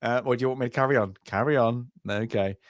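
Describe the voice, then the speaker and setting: A man co-hosting a film review podcast in casual chat, rambling and trailing off, then breaking into loud shouted impressions. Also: medium pitch, quick pace, no echo, studio quality. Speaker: podcast co-host.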